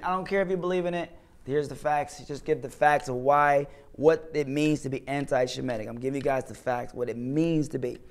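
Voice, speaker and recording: A comedian and actor with a fairly high-pitched voice speaks as an interview guest. His casual talk turns emphatic, repetitive, and preachy, and he keeps asking "you know what I'm saying."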